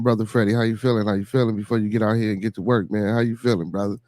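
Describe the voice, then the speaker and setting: A man with a Chicago accent hosting a solo podcast in a relaxed, chatty way, repeating shout-outs and leaning on fillers. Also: lowish voice, racing, no room sound. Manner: laid-back, repetitive shout-outs and fillers. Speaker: podcast host. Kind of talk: casual solo podcast chat.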